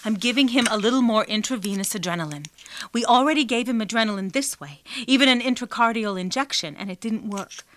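An actress playing a devout young nurse in a radio drama, earnest and fervent. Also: female voice, fairly high pitch, fast talker, fairly bright tone, lightly acted.

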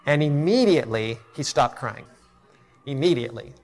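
A middle-aged man preaching a sermon to a congregation, telling a personal story in an earnest way that drops to a hush at tender moments. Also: medium pitch, expressive, normal speed, faint music behind. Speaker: pastor.

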